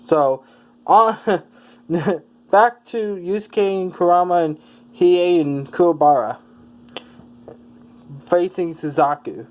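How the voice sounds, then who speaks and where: Casual fan storyteller, mid-pitched, talks slowly, stumbles and corrects themself constantly. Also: darkish tone, poor audio. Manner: halting, with many fillers and self-corrections. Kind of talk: casual rambling retelling.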